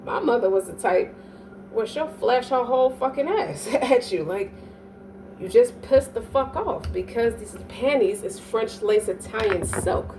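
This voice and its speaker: A woman's voice: fairly high pitch, animated, unhurried, dark tone. Brief: woman reader, blunt and profane, talks from a distance from the mic over light room noise. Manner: profane, emphatic, keeps asking "you dig?". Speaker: astrology reader. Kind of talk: casual monologue reading.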